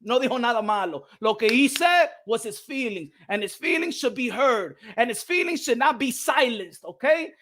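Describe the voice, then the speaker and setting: A man's voice: very high voice, lively intonation, normal speed, few pauses, a bit bright. A man hosting a boxing live stream, ranting heatedly, repeating phrases and switching between English and Spanish. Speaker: boxing channel host.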